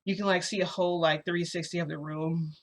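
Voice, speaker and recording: A woman's voice: fairly low pitch, fairly even intonation, fairly quick. A young woman telling a personal story in a casual, chatty way, speaking straight to her viewers and filling it with "like" and "you know.". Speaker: storytime vlogger.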